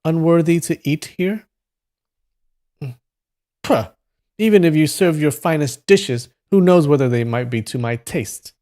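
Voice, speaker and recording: A man's voice: on the high side, measured pace, pauses often, pitched above the performer's own voice, close to an everyday voice. A man voicing a teasing young beggar boy in a live reading of a storybook. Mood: haughty. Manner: teasing, lively.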